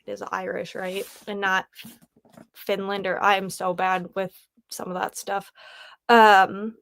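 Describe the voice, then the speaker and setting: A woman's voice: mid-range voice, level tone, takes it slowly, a bit bright, smooth, no echo. A woman hosting a casual livestream, chatting and rambling as she thinks aloud. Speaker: livestream host.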